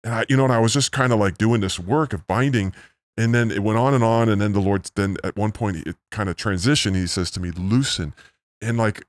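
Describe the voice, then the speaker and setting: A man in his forties, a missionary guest, telling his story in a rambling, earnest way through a pitch-altered disguise. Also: quick pace, no echo. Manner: earnest, rambling, full of "like" and "you know". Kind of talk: casual storytelling interview.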